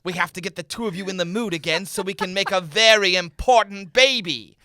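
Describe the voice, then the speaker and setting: A man voicing a creepy, smug young male wizard mentor with slow, theatrical delivery. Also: high-pitched, sharp tone, no echo, clean studio sound, voice pushed up. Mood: grand.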